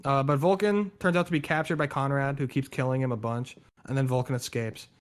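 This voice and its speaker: A man in casual chat, excitedly explaining game lore, swearing and going on tangents. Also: mid-range voice, brisk.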